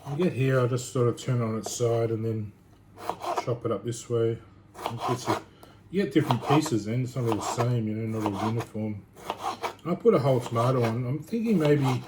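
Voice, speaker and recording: Man, home cooking vlogger, rambling chat, average pitch, noisy kitchen recording. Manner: rambling, chatty, thinks aloud with restarts.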